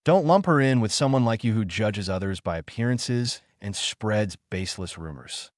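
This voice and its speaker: A man's voice: lowish voice, expressive, normal speed, no room sound, clean studio sound, close to an everyday voice. A man voicing a young prince who was once mocked and now stands up for those he cares about, read in an earnest, plain way. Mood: indignant. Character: young male prince, formerly mocked, protective.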